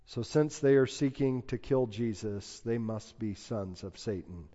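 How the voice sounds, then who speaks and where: A man preaching a sermon, slow and emphatic, building to loud peaks when he quotes scripture. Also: mid-range voice. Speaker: pastor. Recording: dull lo-fi sound with long hall reverb.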